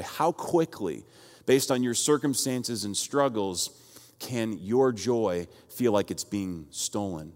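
A man's voice: fairly low pitch, expressive, measured pace, darkish tone. A man preaching a sermon as pastor, telling a story and acting out both sides of a quarrel. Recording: long hall reverb.

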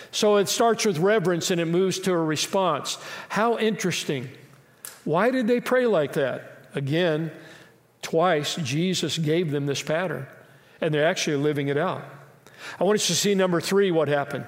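A high-pitched male pastor delivers a sermon in a church sanctuary, and his voice trails off into a long hall reverb. He is emphatic, asks many rhetorical questions and slips in jokes along the way. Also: normal speed.

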